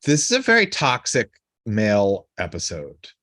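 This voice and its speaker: A man's voice: fairly low pitch, huge pitch swings, normal speed, bright, forceful tone, dry recording, clean studio sound. A man co-hosting a podcast, chatting and joking enthusiastically while recapping a TV episode. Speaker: podcast co-host. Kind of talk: casual chat recapping a TV episode.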